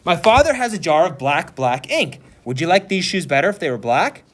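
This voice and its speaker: Brief: kind, sensible girl of ten, voiced by a man reading aloud, lifted voice, lively. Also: on the high side, brisk, voice pushed up. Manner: gently persuasive, patient. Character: friendly, practical young girl, about ten. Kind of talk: read-aloud storytelling.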